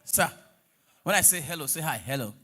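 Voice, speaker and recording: A man's voice: fairly high pitch, animated, brisk, bright, forceful tone. A man with a Nigerian accent doing stand-up crowd work on stage, teasing the audience, mixing in pidgin and breaking into bits of song. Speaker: comedian on stage.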